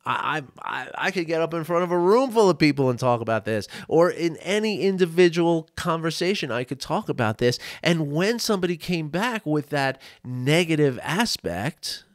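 Man, coach, casual monologue, slightly higher voice, dry close sound. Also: expressive, normal speed, few pauses, no echo. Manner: conversational, with frequent "right?" and small laughs. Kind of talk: solo podcast monologue.

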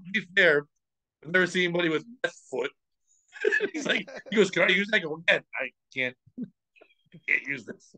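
Bright, laughing man telling stories. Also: a little high, no room sound, low-quality recording. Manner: animated, laughs often, acts out quotes. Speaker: podcast host. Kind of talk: casual storytelling chat.

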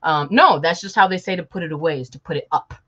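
A woman's voice: low-pitched, fast talker, fairly bright tone, breathy edge, highs cut off. A woman from Chicago, chatting casually and joking with viewers on a live stream while working on a sewing project at home. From Chicago, USA. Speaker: sewing vlogger.

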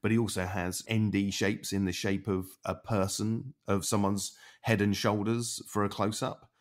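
Deep-voiced, articulate male interviewer. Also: level tone, normal speed. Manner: articulate, long flowing sentences. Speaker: interviewer, cinematographer. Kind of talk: interview questions and commentary.

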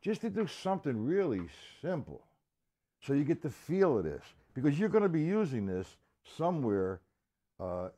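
A man giving a casual live-stream drum lesson, chatting with viewers by name and counting beats out loud. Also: mid-range voice. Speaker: drum teacher.

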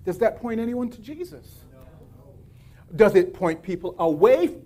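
A male pastor preaching a sermon, reading scripture and breaking off into lively asides. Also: high voice, unhurried.

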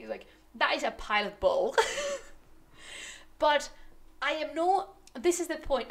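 A young woman who speaks natively, streaming casual commentary to her chat, ranting in an animated, exasperated way with laughs. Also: high voice.

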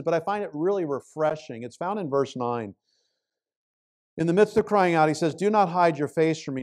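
A male pastor preaching a sermon in an earnest voice that swells and falls to a hush. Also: a little high. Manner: impassioned pleading prayer.

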